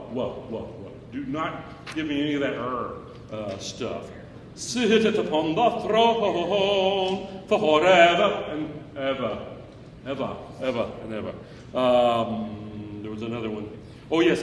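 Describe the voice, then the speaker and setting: A man's voice: fairly high pitch, a little hiss or hum. A man leading a choir rehearsal, joking and fussing as he sings short phrases to show the singers what he wants. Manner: jokey, fussy, sings short phrases to demonstrate. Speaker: choir director. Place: rehearsal room or hall. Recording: echoey hall, faint choir music.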